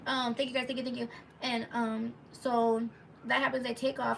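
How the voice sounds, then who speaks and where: A woman's voice: fairly high pitch, little pitch movement, normal speed, creaky, far from the mic, a little hiss or hum. A woman telling a story casually on a live stream, rambling and chatty with lots of asides to her viewers, reading their comments aloud as she goes.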